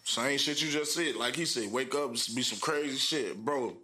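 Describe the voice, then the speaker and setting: Bright-voiced man rambling through a story. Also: medium pitch, moderate pace. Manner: rambling, restarting anecdotes. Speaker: friend in group chat. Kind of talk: casual banter.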